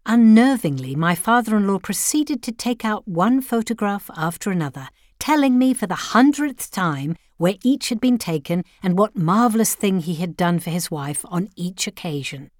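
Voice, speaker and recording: A woman reading a first-person story aloud in a measured, wry storytelling manner. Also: medium pitch, expressive, darkish tone, dry recording, studio quality. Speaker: narrator.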